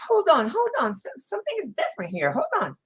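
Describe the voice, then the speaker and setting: Brief: shrieking brassy wife, as a man puts her on, high and loud. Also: huge pitch swings, fast, heavily acted. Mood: shrill. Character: excited wife, loud and shrill.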